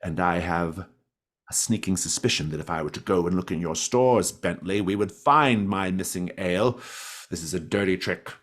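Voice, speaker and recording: A man voicing a bony old bearded tavern keeper who shouts indignant accusations. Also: low-pitched, moderate pace. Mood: accusing.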